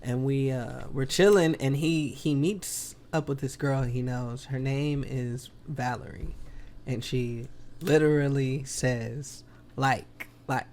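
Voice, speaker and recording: Podcast co-host, man, lively storytelling, faint background noise. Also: medium pitch, takes it slowly. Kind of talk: casual chat.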